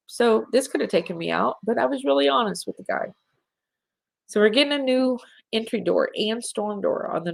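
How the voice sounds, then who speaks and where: Slow, gravelly-voiced spiritual woman host. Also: medium pitch. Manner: earnest, heartfelt, addresses listeners as darlings. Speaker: spiritual talk show host. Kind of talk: live spiritual talk.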